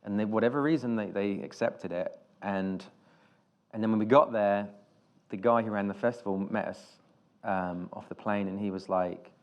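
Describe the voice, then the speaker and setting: A British film director telling stories on stage in an interview, rambling and self-deprecating, with many restarts. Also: male voice, lowish voice, moderate pace, lo-fi sound. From Britain.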